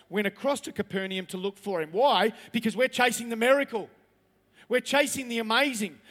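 A man with a high-pitched, fairly bright voice preaches a sermon as pastor, with big-room sound around him. He reads scripture aloud, then presses his points with rising emphasis.

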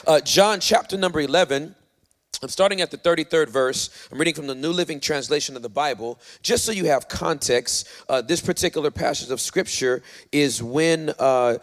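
A man's voice: fairly high pitch, moderate pace. A man preaching a sermon as pastor, emphatic and urging the audience, often repeating himself. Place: church hall. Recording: echoey hall.

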